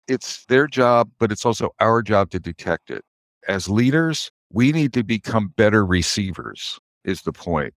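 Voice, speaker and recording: Guy talking leadership coaching in an interview, really animated voice, dry close mic. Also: fairly low pitch, normal speed, dry recording. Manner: animated, explains with examples and acted-out quotes. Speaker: guest author and leadership coach. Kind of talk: conversational interview answer.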